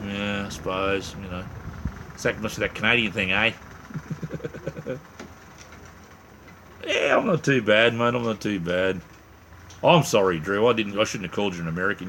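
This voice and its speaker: A middle-aged Australian man hosts a casual live stream, reading viewer comments as he rambles, jokes and chats, restarting his sentences often. His voice is low-pitched, pushed and bright, and there's a little hiss or hum in the recording.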